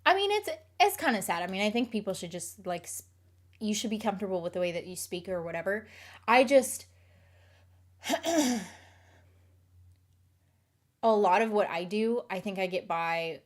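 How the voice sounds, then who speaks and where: Casually chatting as a streamer, a late-twenties woman with a light Southern US accent rambles hesitantly, using lots of fillers. Her mid-range voice is expressive, moves at a moderate pace, and pauses often.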